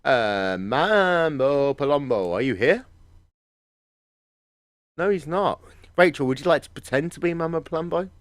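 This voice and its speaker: A man's voice: on the high side, animated, measured pace, pauses often, no room sound, studio quality. A man presenting post-race interviews in a breezy, chatty way. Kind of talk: live sim-racing post-race interviews.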